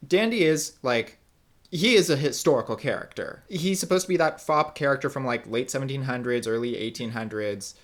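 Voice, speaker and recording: A man's voice: mid-range voice, a little fast. A man interviewing a guest, asking questions in a hesitant, casual way with many fillers.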